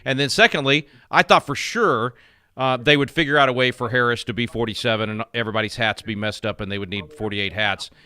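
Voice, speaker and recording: A man co-hosting a talk radio show, chatting casually in an animated, joking way. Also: medium pitch, brisk, clean tone, no echo. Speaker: radio co-host.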